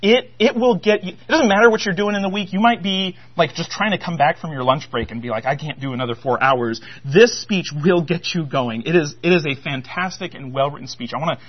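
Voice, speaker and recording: A man preaching in a relaxed, talkative way, his voice sitting a little high for a man. He restarts phrases often and leans on fillers as he builds his point. The recording sounds dull and low-fidelity. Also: fairly quick, few pauses, breathy edge. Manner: conversational, animated, with frequent restarts and fillers. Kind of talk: sermon.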